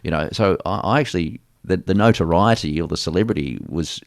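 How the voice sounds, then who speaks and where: A man's voice: sits low, a little fast, no room sound, clean studio sound. A middle-aged Australian man, a sports doctor, telling stories in a casual interview and mimicking other people's voices. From Geelong, Australia.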